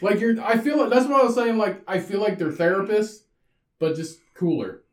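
A man's voice: sits high, moderate pace, echoey room. A man co-hosting a podcast, chatting casually and joking, often restarting his sentences. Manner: joking, animated, restarts a lot. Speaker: podcast co-host. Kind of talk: casual chat.

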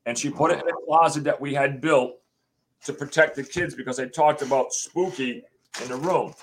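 A man from the USA, a guest on an interview show, telling his story in a rambling, animated way and acting out what people said. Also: fairly high pitch, normal speed, slight background noise. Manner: rambling, acts out quotes, swears.

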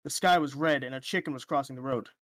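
A podcaster doing a low spooky storyteller voice, slow and creepy, dry sound. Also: a bit bright, no echo, close to an everyday voice. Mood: ominous. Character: spooky horror-story narrator. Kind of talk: joke reading.

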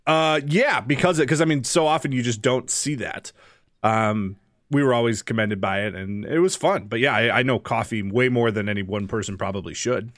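A man's voice: medium pitch, moderate pace, a bit bright, no room sound, studio quality. A man co-hosting a podcast, chatting casually in a laid-back way and laughing easily. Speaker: podcast co-host. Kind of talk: casual chat.

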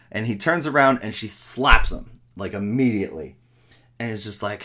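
A man talks through a movie's plot in a loose, casual review. He rambles, backtracks and corrects himself, getting animated as he retells scenes. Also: on the low side, moderate pace.

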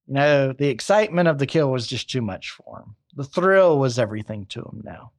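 A man casually narrating a true crime story, chatty with asides and fillers. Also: on the high side. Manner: conversational, many fillers and asides.

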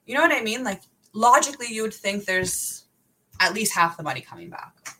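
A woman's voice: medium pitch, lively intonation, a little fast, bright, forceful tone, husky, low-quality recording. A young woman, a podcast guest, telling a candid story in a profane, exasperated run-on way.

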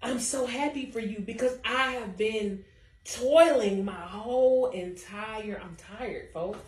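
A woman co-hosting a casual faith chat, animated and testifying, laughing often. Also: a little high, takes it slowly. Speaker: podcast co-host. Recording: roomy sound from a distance.

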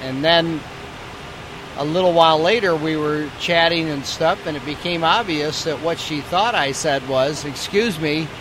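A man, an airline captain, telling a wry story in a relaxed way. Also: fairly high pitch, moderate pace, noisy background. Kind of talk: casual anecdote.

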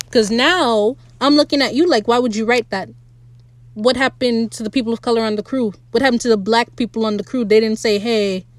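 A woman giving a casual, opinionated recap of a TV episode, animated and swearing freely, speaking straight to the writers. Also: on the high side, no echo. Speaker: show recap podcaster.

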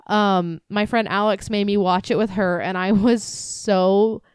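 A young woman co-hosting a podcast in casual chat, blunt and animated, swearing freely. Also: measured pace, clear, resonant tone, no room sound, studio quality. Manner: blunt, swears a lot, animated, jumps high when mimicking. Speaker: podcast co-host.

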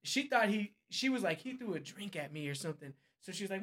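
A man with a high, bright and forceful voice tells a bar story in loose slang, laid back among friends. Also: lively intonation, quick pace. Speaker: local friend showing guests the nightlife. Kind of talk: casual group chat.

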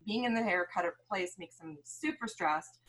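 Middle-aged woman, from the midwest, husky, lowish voice, animated storytelling guest. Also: moderate pace, low-quality recording. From American Midwest. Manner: animated storytelling, frequent restarts and laughs. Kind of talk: casual interview talk.

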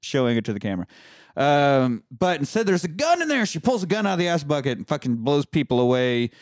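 A man recapping a film's plot in casual chat, animated and crude. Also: on the high side, fast talker, no echo, studio quality. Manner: animated storytelling with crude humor. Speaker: podcast host recapping a film.

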